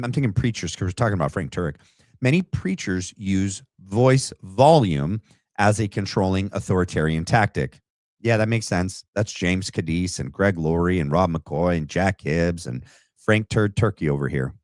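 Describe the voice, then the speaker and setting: Guy with a really low voice doing casual reaction commentary, blunt and mocking, no room echo. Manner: blunt, mocking, calls people names. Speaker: livestream host.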